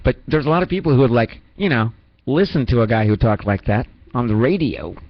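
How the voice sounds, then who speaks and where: A man's voice: medium pitch, expressive, a little fast, dry recording, dull audio. A man hosting a radio show in a rambling, self-mocking comedic manner, full of restarts and asides. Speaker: radio host.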